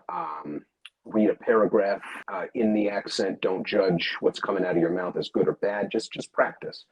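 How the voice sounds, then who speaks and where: A man who works as an audiobook narrator, answering interview questions in a halting way, with many fillers and restarts. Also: fairly low pitch, highs cut off.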